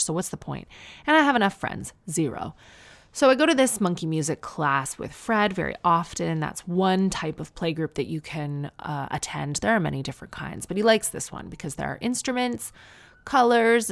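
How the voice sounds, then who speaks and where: A woman's voice: sits low, vocal fry. A Canadian woman in her thirties talking in a casual, wry, self-mocking monologue as a podcast host. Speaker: podcast host and new mother.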